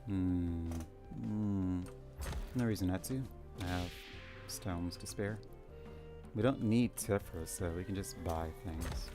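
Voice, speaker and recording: A man giving low-key game commentary, musing to himself as he plays. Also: slow pace, pauses often, over music. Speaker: gamer.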